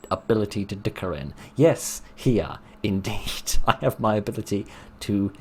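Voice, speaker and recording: Young-adult let's player, self-mocking and dry; low voice at a desk mic. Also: male voice, expressive, normal speed, a little mellow, a little hiss or hum. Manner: wry, self-mocking, chuckling. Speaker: let's play host. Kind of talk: gaming commentary.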